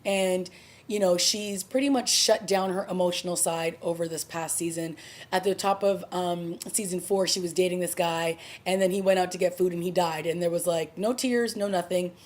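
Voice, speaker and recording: A woman's voice: lowish voice, steady tone, moderate pace. A woman casually reviewing a TV episode, recapping the plot in a chatty, conversational way. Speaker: TV review vlogger.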